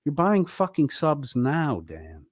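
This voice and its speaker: A man's voice: on the high side, very animated, slow, slightly rough, dry recording, studio quality. A man ranting angrily at another streamer, swearing and berating. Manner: angry, profane, berating. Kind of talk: ranting monologue.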